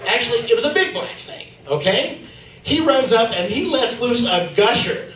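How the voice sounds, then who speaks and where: A man's voice: very high-pitched, animated, moderate pace, a bit bright. A man doing a stand-up set, loose and rambling with lots of fillers. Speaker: stand-up comedian. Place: comedy club stage. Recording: echoey club from far off.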